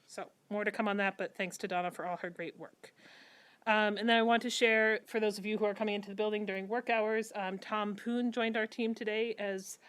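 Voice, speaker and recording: A woman giving the city manager's report at a council meeting, steady and businesslike with frequent pauses. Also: medium pitch, smooth. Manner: steady briefing with frequent ums.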